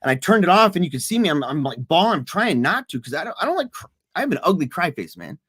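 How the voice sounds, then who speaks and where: A man's voice: a little high, very animated, fast talker, fairly bright tone, breathy edge, dry recording, studio quality. A man co-hosting a casual podcast, talking earnestly and animatedly, often laughing and repeating himself. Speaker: podcast co-host.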